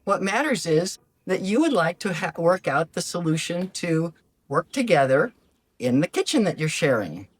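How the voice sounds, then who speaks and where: An older woman hosting a solo talk as a life coach, gentle and animated, acting out the questions she quotes. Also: lowish voice, moderate pace, breathy edge. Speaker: podcast host, life coach. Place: lives abroad in Ecuador.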